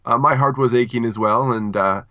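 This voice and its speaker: A man co-hosting a casual literary podcast, talking with a dry, deadpan humor. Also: medium pitch, moderate pace, dry recording. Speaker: podcast co-host. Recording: dull, dry lo-fi mic.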